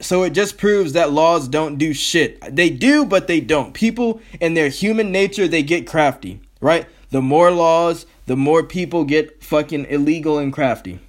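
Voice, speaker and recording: A man's voice: a little high, animated, moderate pace. A man hosting his own podcast, ranting in a heated, profane, rambling way. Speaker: podcast host. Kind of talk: solo podcast rant.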